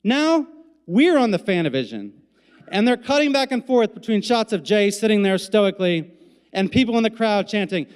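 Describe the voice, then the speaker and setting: A man with a high, smooth, resonant voice tells a comic personal story on stage with deadpan asides. His voice carries a long hall reverb from the live venue. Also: moderate pace. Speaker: storytelling event MC.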